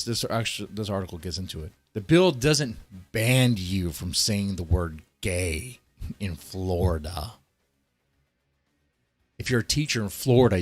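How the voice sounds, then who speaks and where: A man's voice: lowish voice, no room sound. A man ranting in heated, profane political commentary, swearing often and reading articles aloud between outbursts.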